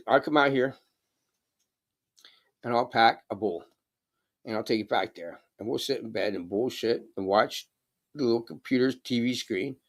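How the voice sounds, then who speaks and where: Rambling stoned man, lively pitch. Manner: rambling, swearing, laid-back. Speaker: live streamer. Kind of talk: casual chat.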